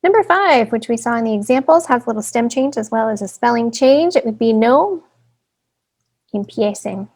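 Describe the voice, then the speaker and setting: Woman teacher with a gravelly fry. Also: a little high, lively intonation, moderate pace, darkish tone. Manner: explains step by step, often checking in with "right?". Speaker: Spanish teacher. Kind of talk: recorded classroom lesson.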